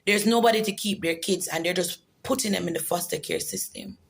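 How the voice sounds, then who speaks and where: A woman's voice: fairly low pitch, fairly quick, gravelly, rough recording. A woman giving an earnest, emotional personal testimony in a vlog. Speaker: vlogger.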